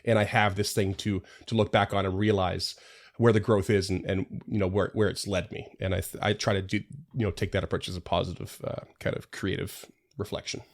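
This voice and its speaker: A man who is the game master on a casual podcast, laughing often and musing out loud in a rambling way. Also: low voice, flat delivery, brisk, creaky.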